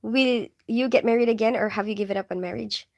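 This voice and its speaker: Woman, mixed Filipino-English accent, slightly high voice, casual livestream chat, giggly, lots of fillers. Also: quick pace, vocal fry. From Philippines. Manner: chatty, giggly, full of "like" and "you know". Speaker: nurse and livestream host. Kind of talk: casual livestream chat reading viewer questions.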